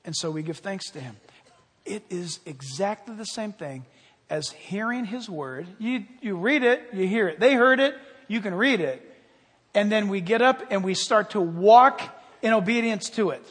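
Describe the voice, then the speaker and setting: An older man preaching a sermon with fervor, rising loud on key points and dropping quiet. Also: high voice, animated, normal speed, husky. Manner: fervent, swells loud on key points then drops quiet. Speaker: pastor. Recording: long hall reverb.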